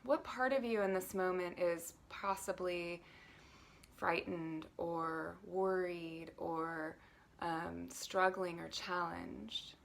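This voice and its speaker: A woman coaching on self-love in a live stream, calmly leading breathing and speaking in a gentle, guiding way that sometimes drops to a near whisper. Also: fairly low pitch, slow pace, gravelly.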